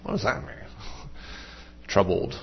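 A man preaching a sermon as pastor, conversational and self-deprecating, with asides and restarts. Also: unhurried. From Western Maryland. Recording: muffled, dull sound.

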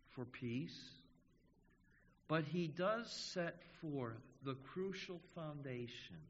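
A male pastor preaching a sermon, slow and measured, stressing key words with emphasis. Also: medium pitch, a little hiss or hum. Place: church sanctuary. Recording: dull audio in a reverberant hall.

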